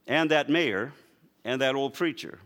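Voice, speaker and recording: A man preaching as an evangelist, telling a story with lively emphasis and acting out the people he quotes. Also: mid-range voice, measured pace. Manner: animated storyteller, acts out quoted people, rising emphatic lines. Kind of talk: sermon storytelling.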